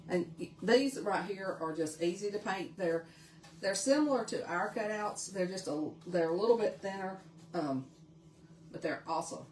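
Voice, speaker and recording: A woman's voice: medium pitch, lively intonation, normal speed, darkish tone, reverberant, distant mic, slight background noise. Chatty Southern woman hosting a craft livestream. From Tennessee. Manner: chatty, greets viewers by name, laughs often. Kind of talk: casual live craft demo.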